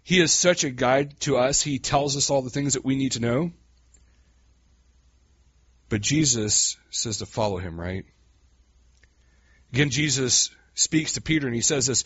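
A man preaching a sermon in a folksy, animated way, calling his listeners "guys" and swinging from quiet asides to loud cries. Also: medium pitch, unhurried, pauses often, slightly rough, dry recording, highs cut off.

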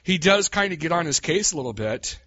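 Male preacher, animated sermon, folksy, slightly high voice, dull dry recording. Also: fairly quick, husky, dry recording. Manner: animated, swings from quiet asides to shouted cries; folksy, addresses listeners as "guys".

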